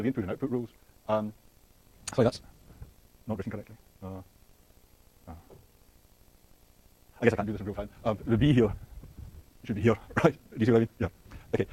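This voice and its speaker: A man's voice: mid-range voice, mellow, breathy edge. A man giving a university lecture, thinking aloud with many fillers and restarts and putting questions to the class. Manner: asks the class questions and laughs lightly.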